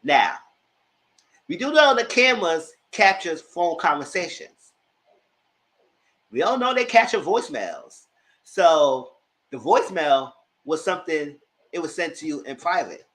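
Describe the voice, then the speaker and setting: A man giving a casual spoken recap of reality TV shows at home, colloquial and animated. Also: measured pace, pauses often. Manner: animated, mocks people in high put-on voices; colloquial, with "y'all". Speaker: commentator.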